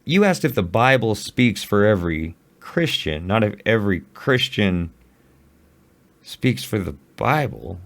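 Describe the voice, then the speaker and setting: Man, low voice, blunt, sarcastic, profane stream commentary. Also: sing-song, a little slow, gravelly. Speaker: streamer reacting to a video. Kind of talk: casual reaction commentary.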